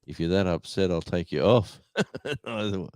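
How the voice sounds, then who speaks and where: A man's voice: deep voice, animated, measured pace, dry recording. A man co-hosting a livestream chat, telling rambling stories and chuckling. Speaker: livestream co-host. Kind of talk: casual storytelling chat.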